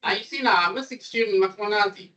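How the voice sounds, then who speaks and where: Animated lecturer, far from mic. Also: male voice, sits high, quick pace. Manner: animated, repetitive, coaxing students. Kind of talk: classroom programming lecture. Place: lecture room. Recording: voice distant from the mic.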